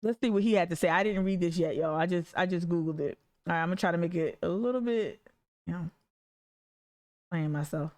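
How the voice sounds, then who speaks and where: A woman's voice: fairly low pitch, brisk, a little mellow. A woman hosting an activist podcast, reading articles aloud and breaking off into profane, fired-up rants. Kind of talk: casual livestream commentary.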